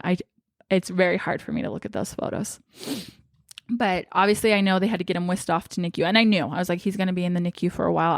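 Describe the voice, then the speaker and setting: A woman's voice: medium pitch, dry recording, studio quality. A young woman vlogger telling a personal story in a chatty, emotional way, acting out what others said. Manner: emotional, chatty, acts out quoted dialogue.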